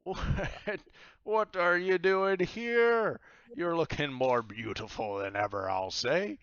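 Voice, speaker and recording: A man voicing a boisterous, burly male pirate god who talks loud and jovial. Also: fairly high pitch, slow pace, smooth, no room sound, dull audio, voice pushed up. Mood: jovial, booming.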